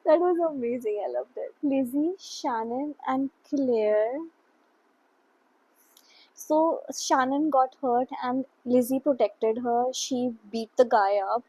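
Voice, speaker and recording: A woman's voice: high voice, slow pace, dark tone, breathy edge, poor audio. A young woman talking casually about books in a chatty, gushing, rambling way. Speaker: book vlogger. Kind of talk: casual chat.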